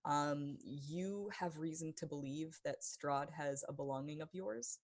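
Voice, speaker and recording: A woman running a tabletop game as game master, describing the scene haltingly with frequent ums. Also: sits low.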